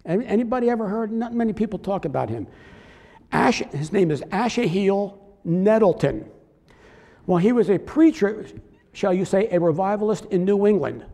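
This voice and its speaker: Male pastor, high-pitched voice, conversational sermon with acted-out objector voices, echoing church hall. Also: mellow. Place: church sanctuary. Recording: long hall reverb.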